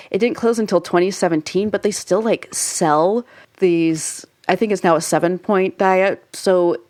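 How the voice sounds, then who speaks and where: A young adult woman co-hosts a podcast, chatting casually and explaining things at length with frequent "like" fillers and laughs. Her voice is on the low side, captured as clean studio sound with no echo.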